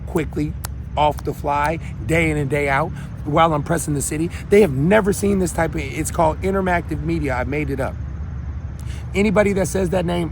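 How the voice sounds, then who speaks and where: Man, gravelly, fairly high voice, heated preachy host monologue, faint street noise behind. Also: fairly quick. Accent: Minnesota. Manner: heated, preachy, rambling with restarts. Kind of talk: impassioned solo monologue.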